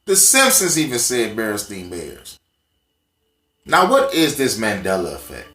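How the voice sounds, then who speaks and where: A man talks straight to the camera in a loose, profane monologue, leaning hard on his points. His voice sits a little low. The room around him rings with noticeable echo. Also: huge pitch swings, unhurried, pushed and bright. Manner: profane, emphatic, conversational storytelling. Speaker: vlogger. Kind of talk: casual ranting monologue.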